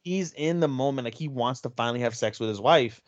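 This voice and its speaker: Talking fast, this anime podcast co-host energetically recounts an episode, cursing liberally and dropping in bits of Japanese. He has a medium-pitched voice, and the audio sounds dull.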